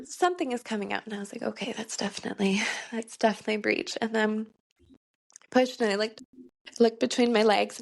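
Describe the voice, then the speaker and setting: A woman's voice: on the high side, vocal fry. A woman in her thirties telling a personal story in a podcast interview, earnest, with many "like" fillers and frequent laughs. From Canada. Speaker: guest.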